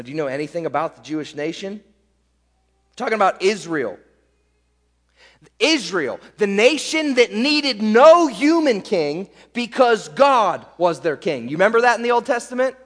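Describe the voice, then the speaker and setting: A man delivers an emphatic expository sermon in a notably high voice, punctuating his points with rhetorical "right?" checks. His words ring out with a long reverb, as in a large hall. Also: a bit bright. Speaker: pastor.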